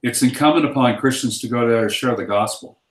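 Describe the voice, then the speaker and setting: A man's voice: medium pitch, fairly quick. Man, earnest storyteller, casual chat, echoey room. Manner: earnest storyteller who acts out quotes. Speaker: ministry guest.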